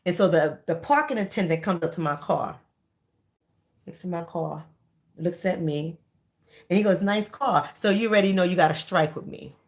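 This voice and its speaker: A woman's voice: lowish voice, normal speed, pauses often, darkish tone. A woman, telling a candid story in a casual monologue and repeating lines for emphasis. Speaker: vlogger.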